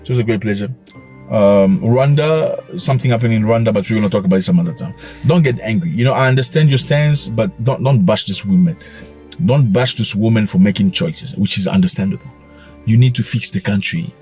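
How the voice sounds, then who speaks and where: A male vlog host giving opinionated commentary in an animated, lecturing way, with mocking asides. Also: on the low side, fairly quick, soft background music. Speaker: channel host.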